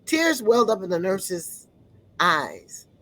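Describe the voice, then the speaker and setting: A woman giving an earnest personal testimony, often pausing to search for words. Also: mid-range voice, very animated, a bit bright, poor audio.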